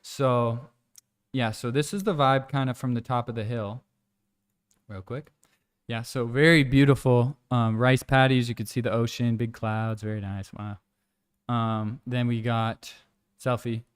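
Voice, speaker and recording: A man's voice: fairly even intonation, unhurried, smooth. Laid-back rambling young man. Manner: laid-back, rambling, mimics animals and people in high squeals. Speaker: vlogger. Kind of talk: casual vlog chat. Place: outdoors on a hillside village walk.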